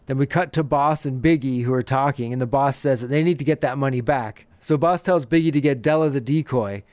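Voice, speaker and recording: A man's voice: mid-range voice, a little fast, a little mellow, dry recording. A man hosting a podcast, casually recapping an episode and laughing often as he retells scenes. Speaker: podcast host.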